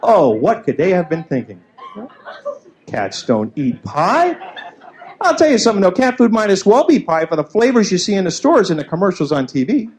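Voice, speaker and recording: A man's voice: high voice, moderate pace. A man doing a stand-up comedy set on a club stage, acting out little voices in his bits. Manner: animated, acts out voices in bits. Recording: noisy early-90s club taping. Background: audience laughter.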